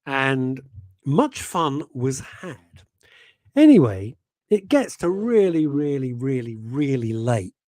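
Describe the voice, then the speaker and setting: A man's voice: mid-range voice, sing-song, slow pace, dark tone, no room sound, studio quality. A man hosting a radio show, chatting casually, teasing his co-host and telling stories. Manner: teasing, interrupting, anecdotal storyteller. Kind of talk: casual on-air banter.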